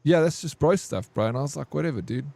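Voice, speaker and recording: A man's voice: on the high side, expressive, fast, vocal fry, a little mellow, dry recording. A man streaming a game, rambling and crude as he tells a long army story to his chat. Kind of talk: casual gaming stream storytelling.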